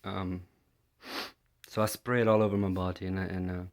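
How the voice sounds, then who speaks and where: A man's voice: low voice, little pitch movement, normal speed. A man from London, telling a personal story in a hesitant way, full of fillers and restarts. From London, England. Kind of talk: first-person storytelling monologue.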